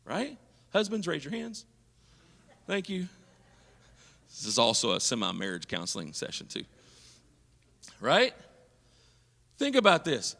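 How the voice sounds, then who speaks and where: A man's voice: mid-range voice, creaky, bright, forceful tone, in a large hall. A man leading a leadership seminar at a church, teaching and asking his audience questions. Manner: engaging, asks the audience questions. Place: church hall.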